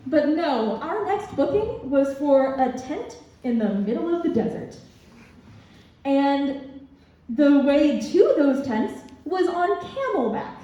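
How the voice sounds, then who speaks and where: A young woman telling a stand-up story on a student club stage, with a high, mellow voice. She laughs at her own jokes and fills her pauses with ums. The recording is dull and heavily echoey, picked up from a distance. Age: young adult. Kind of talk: stand-up comedy set.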